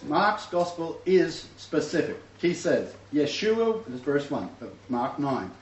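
Emphatic preacher, distant and echoey. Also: male voice, a little high, sing-song, a little slow, faint music behind. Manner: emphatic, checks in with rhetorical questions. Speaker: preacher of a messianic congregation. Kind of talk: teaching sermon. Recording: distant, roomy, dull recording with faint background noise.

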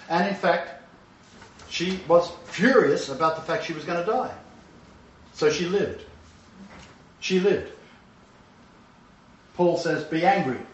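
An older man in his sixties preaching a sermon, swinging between emphatic loud bursts and hushed, low asides. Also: a little hiss or hum. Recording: roomy, distant, dull-sounding hall recording.

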